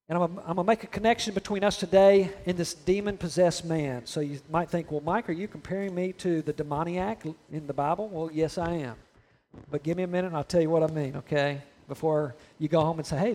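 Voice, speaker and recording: A man's voice: fairly high pitch, darkish tone. A man as pastor delivering a conversational sermon, often checking in with the congregation and acting out imagined voices.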